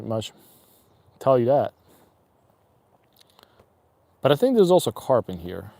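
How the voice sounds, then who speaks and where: A man with a soft, warm and mellow voice talks his way through a slow fishing day, rambling and wry. He chats to himself and to passersby outdoors by an icy river. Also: medium pitch, very animated, creaky, dry recording. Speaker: angler streaming live. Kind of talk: casual fishing vlog chatter.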